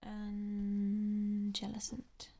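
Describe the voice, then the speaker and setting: A young English woman speaking softly in ASMR style, murmuring to herself as she tries to recall names. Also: mid-range voice, completely flat delivery, very slow. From England. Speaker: ASMR creator. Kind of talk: soft-spoken ASMR.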